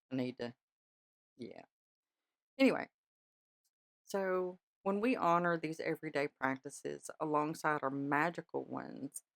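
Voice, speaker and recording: Her voice sits low and creaky, with no echo in the recording. As a podcast host, she chats reassuringly through casual spiritual topics and checks in with listeners by asking "all right?" again and again.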